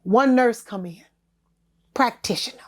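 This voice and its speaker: A woman with a high, bright-pitched voice tells stories as a guest on a casual interview podcast. She talks in easy slang, full of honey and baby. She acts out other people's words and laughs often. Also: a little slow. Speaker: singer and talk show host as podcast guest. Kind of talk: candid storytelling interview chat.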